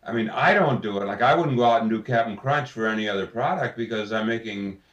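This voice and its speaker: A man, a voice actor, telling anecdotes in an interview in an animated way, slipping into voices. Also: lowish voice, fast, dull audio. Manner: animated storyteller, slips into voices. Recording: roomy, distant mic.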